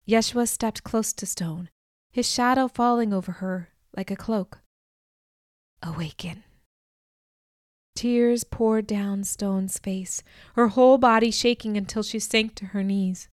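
A woman reading a novel aloud as first-person narrator, in a measured, even manner. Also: medium pitch, no echo, clean studio sound. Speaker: audiobook narrator.

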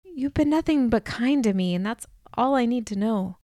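Brief: a female narrator voicing a soft, weary dying young man, storybook, dry close mic. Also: a little high, lively intonation, normal speed, dry recording, close to an everyday voice. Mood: gentle.

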